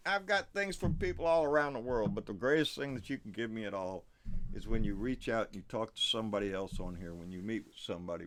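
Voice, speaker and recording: A man hosting a casual livestream, talking excitably with frequent swearing and stumbling restarts. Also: fairly low pitch. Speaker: livestream host. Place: South Texas.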